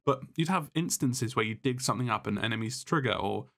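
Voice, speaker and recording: A man's voice: mid-range voice, expressive, fairly quick, creaky, a bit bright. A man talking as a podcast guest in casual chat, blunt and exasperated, swearing freely as he complains. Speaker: podcast guest, content creator.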